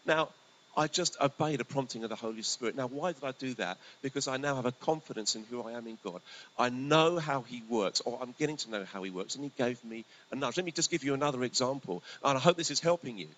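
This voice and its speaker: A male pastor preaching a sermon in a conversational, storytelling way, his voice swinging between lively bursts and hushed asides. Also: medium pitch, quick pace, rough recording. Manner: conversational, animated, often drops to a hushed voice. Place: church hall. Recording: faint hiss.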